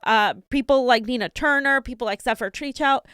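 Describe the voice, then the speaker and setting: A woman's voice: high voice, brisk, fairly bright tone, smooth, no room sound, studio quality. A woman co-hosting a casual political chat show, fired-up and indignant, ranting with many restarts. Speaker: co-host.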